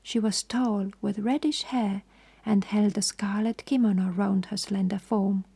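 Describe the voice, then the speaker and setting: A woman reads a bedtime story in a soft, hushed whisper. Her voice is husky and dark with a creaky, gravelly texture. She keeps an even, calm pace. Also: mid-range voice, measured pace. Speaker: sleep-story reader.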